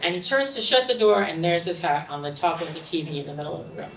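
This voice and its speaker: A middle-aged woman telling a story on a bar stage, animated and growing loud and excited. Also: fairly low pitch, fast talker. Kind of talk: live storytelling to an audience. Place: stage in a bar, audience present. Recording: roomy live recording from a distance, faint room noise.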